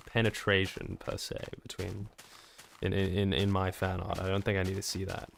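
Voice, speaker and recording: A man's voice: on the low side, gravelly, slight background noise. Chatty man answering his stream chat. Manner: chatty, joking and reacting to viewer messages. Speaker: game streamer.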